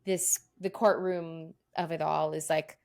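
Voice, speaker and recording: A woman's voice: sits low, level tone, measured pace, gravelly, darkish tone. A woman co-hosting a podcast, chatting casually, laughing often and swearing offhandedly. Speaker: podcast co-host. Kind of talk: casual chat.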